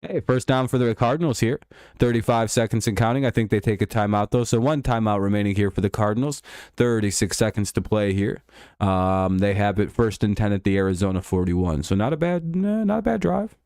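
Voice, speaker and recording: A man with a lowish, clear, resonant voice talks a little fast while hosting a live stream, giving relaxed play-by-play of a football game and trading profane banter with chat. The sound is dry and clean, like a studio.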